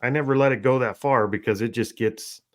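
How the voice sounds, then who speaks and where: A man's voice: mid-range voice, brisk. A man co-hosting a podcast in casual chat, making dry, joking quips. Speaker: podcast co-host.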